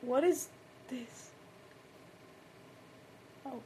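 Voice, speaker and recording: Young Mexican-accented woman, high voice, slow unhurried delivery, giggly livestream chat on a phone. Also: dark tone, slight background noise, low-quality recording. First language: Spanish. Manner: giggly, laughs often. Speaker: livestreamer answering fans. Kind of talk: casual chat reading comments.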